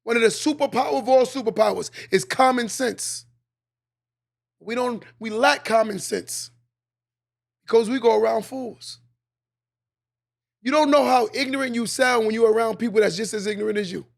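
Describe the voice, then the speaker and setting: High gravelly guy, preaching hard on his podcast, repeats himself for punch. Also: normal speed, pauses often. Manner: preachy, emphatic, repeats lines for effect. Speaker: podcast host. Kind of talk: motivational monologue.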